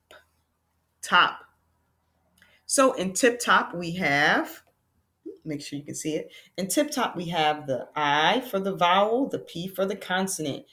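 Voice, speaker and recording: A woman teacher giving a lesson to young learners, patient and encouraging, calling them friends and slowing down to spell out sounds. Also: on the low side, fairly bright tone.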